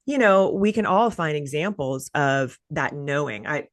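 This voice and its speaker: A chatty woman in her thirties, raised in the American South, hosts a relaxed conversation. Her voice sits low for a woman, and she spins stories loosely, with lots of "like" and "you know" fillers. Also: a little slow. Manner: chatty storyteller, many "like" fillers. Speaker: podcast host. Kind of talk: casual conversational interview.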